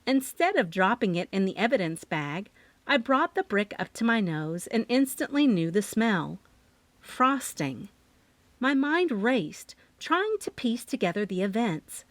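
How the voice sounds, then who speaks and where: Expressive woman narrating a mystery. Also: mid-range voice, normal speed, no room sound. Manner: expressive, lively storytelling. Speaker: audiobook narrator. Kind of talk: first-person mystery narration.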